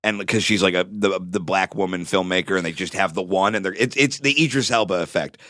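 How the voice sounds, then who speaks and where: A man's voice: low voice, brisk, dry recording, studio quality. A man hosting a podcast, chatting casually with a guest, joking and swearing. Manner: animated, swearing, jokey. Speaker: podcast host, stand-up comic. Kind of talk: casual chat.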